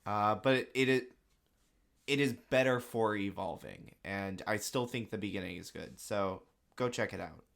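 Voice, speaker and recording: A man's voice: lowish voice, unhurried, vocal fry, fairly bright tone. A young adult man co-hosting a podcast, chatting loosely with many fillers. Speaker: podcast co-host. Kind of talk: casual chat.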